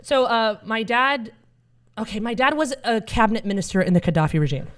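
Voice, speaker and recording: A woman's voice: fairly high pitch, brisk, fairly bright tone. A woman in her thirties with an American accent that sounds like Connecticut, whose first language is Arabic, telling a comic personal story to a live audience with a playful, self-mocking delivery and frequent laughter at her own jokes. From United States (Alabama). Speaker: storyteller on stage. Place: event stage with live audience. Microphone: handheld microphone.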